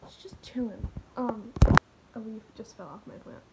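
A woman's voice: on the high side, normal speed, vocal fry, very noisy. A teenage girl rambling through a parody vlog in her bedroom, full of fillers and drifting into whispers. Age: teens. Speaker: vlogger.

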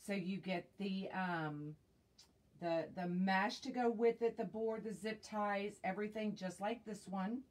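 Recorded through a tablet mic, a woman hosts a live wreath-making session in a casual craft-demo style. She talks with viewers and thinks out loud using fillers, her mid-range voice moving a little slowly.

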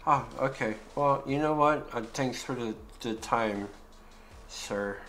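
A man's voice: mid-range voice, slow, fairly bright tone, a little hiss or hum, rough recording. A man giving casual let's-play commentary, joking and talking back to the characters in the game. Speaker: gaming YouTuber.

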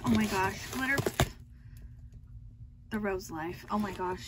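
A woman vlogger unboxing birthday mail at home, gushing and excitable with constant exclamations. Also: on the high side, a little slow, very noisy. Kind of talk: casual unboxing vlog.

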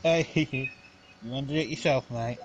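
A man's voice: medium pitch, moderate pace, highs cut off, slight background noise. A man gaming with friends, dry and teasing in casual chat.

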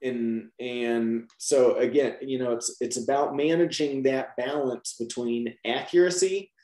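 A man's voice: medium pitch, a little slow, roomy sound. A man explaining teaching methods to trainee teachers in a Q&A, often checking with "right?". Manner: lively, repeats "right?" to check understanding.

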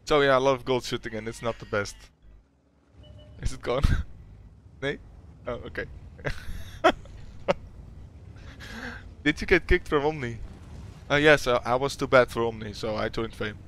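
A young Dutch-accented man chats through a casual viewer Q&A, taking his time over each answer. He giggles easily and stumbles through fillers before landing on a reply, his voice sitting at an ordinary middle pitch. A faint hiss of noise runs underneath. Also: fairly bright tone. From Netherlands. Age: young adult. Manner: giggly, reads questions aloud then answers with halting fillers. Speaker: YouTuber answering viewer questions. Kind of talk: casual Q&A chat.

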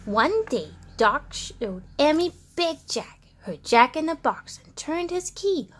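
A woman reading a children's storybook aloud in an animated, sing-song way. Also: sits high, takes it slowly.

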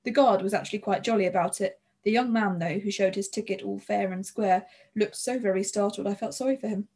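A woman narrates a children's novel in the first person, with a lively, expressive reading. Her voice sits at a middle pitch with a soft, breathy texture. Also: brisk. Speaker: audiobook narrator.

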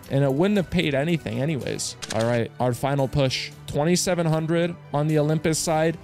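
A man hosting his own channel, commenting excitedly to viewers with slang, swearing and loud outbursts. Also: medium pitch. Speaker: slots streamer host.

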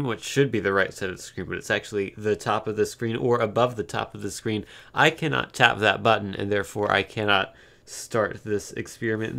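A man's voice: on the low side, vocal fry, fairly bright tone. A man giving casual, rambling commentary while streaming a mobile game, with a dry, sarcastic manner.

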